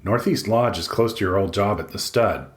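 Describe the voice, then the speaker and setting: A man's voice: lowish voice, moderate pace, lightly acted. A man voicing a round, genial male lodge director who talks politely and fussily.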